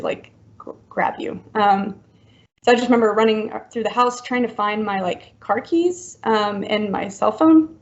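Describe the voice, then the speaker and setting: A woman in her thirties talks through a personal story as a podcast guest, her speech halting and packed with likes and ums. Her voice has a gravelly, creaky texture, and the recording sounds muffled and lo-fi. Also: mid-range voice. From Florida, US. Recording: dull lo-fi recording.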